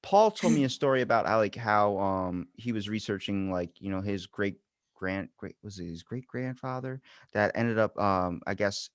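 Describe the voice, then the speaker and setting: A man hosting a podcast interview, telling stories in a lively, animated casual chat. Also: moderate pace, dry recording, studio quality. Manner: animated storyteller with big pitch swings. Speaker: podcast host.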